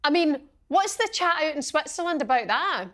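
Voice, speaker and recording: A woman hosting a casual football chat, lively and expressive. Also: high voice, moderate pace. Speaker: podcast host.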